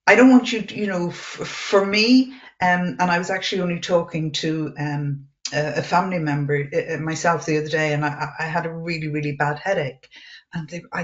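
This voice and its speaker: A woman's voice: fairly low pitch, brisk, highs cut off. Earnest woman panelist on a video call. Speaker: webinar panelist, coaching expert. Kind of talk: conversational webinar talk.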